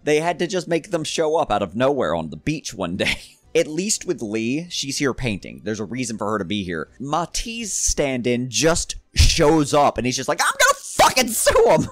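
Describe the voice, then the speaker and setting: A man's voice: medium pitch, very animated, normal speed, soft background music. A man from the American South giving casual, sarcastic commentary on a cartoon, rambling and laughing at his own jokes. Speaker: cartoon reviewer.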